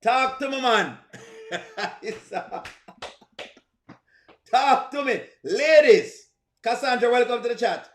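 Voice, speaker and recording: A man's voice: very high-pitched, animated, takes it slowly, pauses often, fairly bright tone. A man with a Jamaican accent hosting a live reaction stream, teasing and greeting viewers in the chat. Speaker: livestream host. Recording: echoey room.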